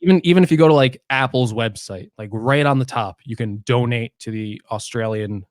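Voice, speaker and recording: A man hosts a casual tech podcast, joking and rambling with plenty of "like" and "you know". His voice sits at a middle pitch and is recorded close and dry, with no room sound around it. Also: fairly quick, no echo. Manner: joking, filler-heavy, laughs often. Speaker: podcast host.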